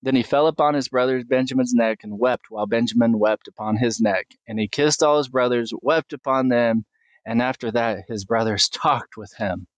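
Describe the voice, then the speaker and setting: A man's voice: medium pitch, normal speed, no room sound. A man preaching a sermon, earnestly asking questions and reading scripture aloud with small stumbles.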